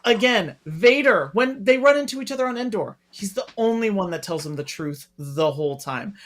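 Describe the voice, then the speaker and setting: A podcast co-host in casual discussion, chatty and quick to quote lines in passing. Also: mid-range voice, animated.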